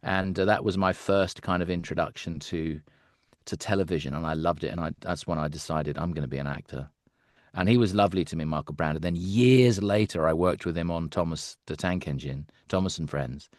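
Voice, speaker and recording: A middle-aged man, a voice actor, chatting in an interview as an animated storyteller who laughs often and slips into character voices. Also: low-pitched, brisk, no echo, clean studio sound. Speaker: voice actor, guest. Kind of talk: casual interview chat.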